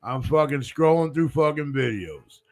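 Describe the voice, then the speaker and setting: A man's voice: on the high side, animated, normal speed, soft background music. A man co-hosting a live radio podcast, telling a crude story between bursts of laughter and heavy swearing. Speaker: co-host. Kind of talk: crude casual podcast banter.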